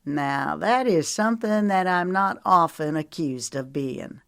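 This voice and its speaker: A woman's voice: lowish voice, measured pace, vocal fry, no room sound, studio quality, exaggerated voice. Woman doing a cocky young man with a Southern lilt. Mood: teasing. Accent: slight Southern US. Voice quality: melodic, even voice. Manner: teasing and boastful.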